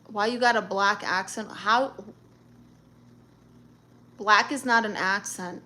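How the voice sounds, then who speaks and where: A woman's voice: medium pitch, slow pace, pauses often, sharp tone. A woman hosting a casual live stream, reading viewer comments aloud and answering with blunt, sassy comebacks. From Puerto Rican and Guatemalan family.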